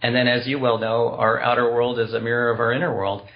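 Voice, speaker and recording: Gravelly-voiced man explaining a spiritual practice. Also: medium pitch, little pitch movement, quick pace, highs cut off. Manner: earnest, explanatory, spiritual wording. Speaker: guest, compassion practice teacher. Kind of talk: podcast interview.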